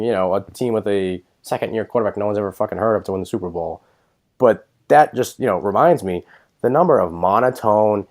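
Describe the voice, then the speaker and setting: A man trades takes on a casual sports podcast. He rants freely, swears, and jumps into loud mock outbursts when something annoys him. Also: lowish voice. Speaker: podcast co-host.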